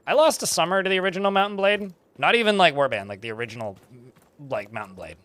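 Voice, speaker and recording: A young man giving casual gameplay commentary, joking and rambling, thinking out loud and swearing freely. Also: sits high, expressive, quick pace, no room sound. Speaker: streamer playing a game.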